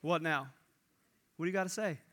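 A man preaching a sermon in an animated way, acting out the lines he quotes. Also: on the high side, brisk. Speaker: pastor.

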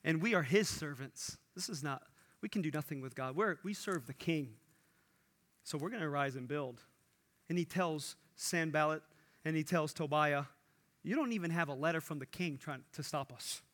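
A man preaching a sermon in an animated way, acting out the lines he quotes. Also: on the high side, moderate pace. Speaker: pastor.

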